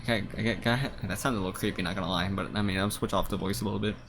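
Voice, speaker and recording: Lower-voiced guy narrating a story game, casual, swears a lot. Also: steady tone, racing, a bit bright, slight background noise. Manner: casual, swears, stammering restarts. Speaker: gamer playing a story game. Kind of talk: reading game text aloud with casual commentary.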